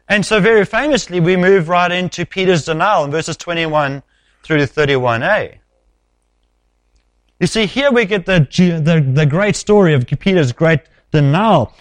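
A man preaching an expository sermon, measured and emphatic, often dropping low at the ends of phrases. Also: animated, dry recording.

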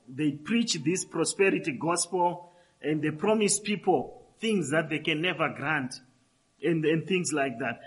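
A man preaching, his voice sitting a little high for a man. He drives his points home by repeating key phrases, rising and falling between loud stresses and quieter asides. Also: low-quality recording. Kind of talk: sermon.

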